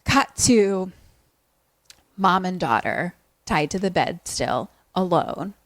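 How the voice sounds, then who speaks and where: A young woman co-hosts a podcast and recaps a film scene by scene, with a fairly low voice. She is animated and profane, and she slips into the characters' lines. The sound is close and dry. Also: slow pace, no room sound. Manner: animated, swearing, acts out movie lines. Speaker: podcast co-host. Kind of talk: casual movie recap chat.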